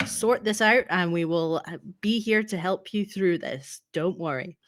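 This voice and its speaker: A woman playing in a tabletop role-playing game, speaking briskly and reassuringly in character. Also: fairly low pitch. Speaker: player.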